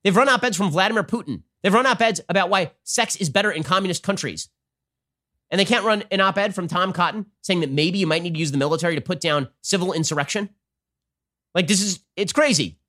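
A man hosting a political commentary show, talking in a rapid-fire, sarcastic and combative way. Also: sits high, pushed and bright. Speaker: show host.

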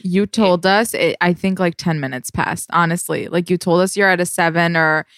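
Woman guest, lowish voice, dry close sound, chimes in and laughs along. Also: moderate pace, a bit bright, clean tone, dry recording. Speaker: guest, host's sister. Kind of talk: casual chat.

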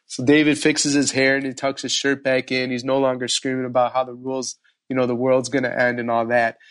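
Brief: male podcast host, mid-pitched, lively storyteller, casual chat. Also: a little fast. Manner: animated storyteller, frequent fillers.

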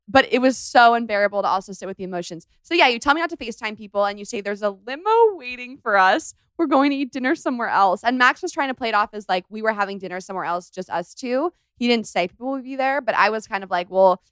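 A woman's voice: on the high side, animated, fast talker, few pauses, fairly bright tone, clear, resonant tone, dry recording, studio quality. A woman hosting a podcast, chatting casually and gushing as she tells a story. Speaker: podcast host. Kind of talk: casual chat.

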